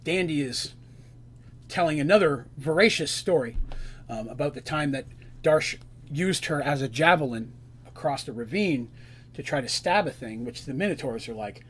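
A man's voice: on the high side, lively intonation, normal speed, a bit bright, husky. A man narrating a tabletop game as game master, in a loose, conversational retelling.

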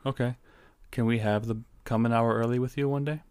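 A man voicing a calm, steady adventurer in his own plain, even-keeled voice. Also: medium pitch, brisk, smooth, no echo, natural voice.

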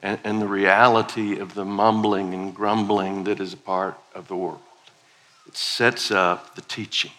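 A man's voice: fairly low pitch, flat delivery, a little slow, pushed and bright. A middle-aged man, preaching a playful, conversational sermon as a guest preacher. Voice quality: playful, conversational, leads congregation in call-and-response.

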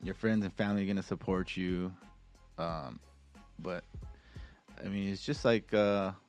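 A man's voice: deep voice, steady tone, unhurried, a little mellow, soft background music. A man co-hosting a podcast, chatting casually in an earnest, encouraging way.

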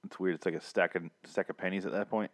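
A man's voice: sits low, fairly even intonation. A man co-hosting a podcast, riffing in crude, sarcastic banter with his friend. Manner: sarcastic, riffing, quick to mock. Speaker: podcast co-host.

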